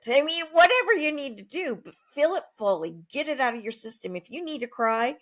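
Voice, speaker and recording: A woman author speaking as a guest in a conversational interview, emphatic and plain-spoken, with animated asides. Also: fairly high pitch.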